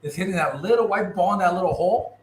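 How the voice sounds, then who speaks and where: A Californian man in a candidate interview talks bluntly and with conviction. His voice sits fairly high. The room around him is echoey, with faint noise behind. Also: fast. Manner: blunt, impassioned, emphatic. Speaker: political candidate.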